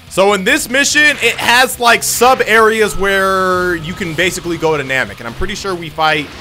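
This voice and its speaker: Animated young man commentating a game. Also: high voice. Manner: animated, joking, slangy. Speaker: gaming YouTuber. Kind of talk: casual gameplay commentary. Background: game music.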